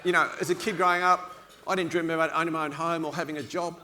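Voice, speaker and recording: A man's voice: on the high side, little pitch movement, fast talker, sharp tone, a little hiss or hum. A middle-aged Australian man telling a funny story to a dinner audience in a dry, self-mocking, conversational way. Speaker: after-dinner speaker. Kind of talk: humorous storytelling speech. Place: dinner event before an audience.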